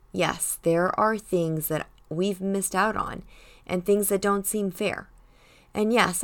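An older woman hosts a weekly devotional talk. She tells a family story in a gentle, reflective way and speaks at a middle pitch. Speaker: devotional host.

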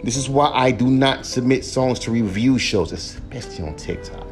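A man's voice: medium pitch, moderate pace, soft background music. A young man hosting a solo podcast as a rapper, ranting heatedly with lots of profanity and repeated emphasis.

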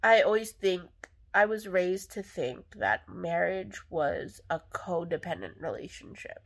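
A woman's voice: fairly low pitch, lively intonation, unhurried. A young adult woman hosting a casual solo podcast, talking candidly in a rambling way with lots of fillers. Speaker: podcast host.

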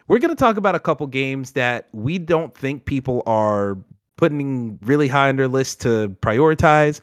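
A man hosting a podcast in casual chat, animated and joking with plenty of ums. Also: medium pitch, no echo, clean studio sound. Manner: animated, joking, many fillers. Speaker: podcast host.

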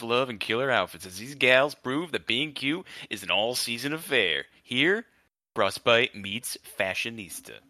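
A man's voice: medium pitch, pushed and bright, dry recording, studio quality. A man voicing a hammy promo announcer in a put-on American Southern accent, drawing out his words.

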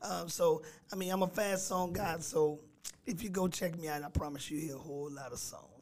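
A pastor and gospel singer with a raspy voice, chatting easily on a radio show and laughing often. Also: male voice, fairly high pitch, fairly even intonation, fairly quick, darkish tone, slight background noise. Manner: laid-back, laughs easily, sings snatches of his songs. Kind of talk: casual radio interview chat.

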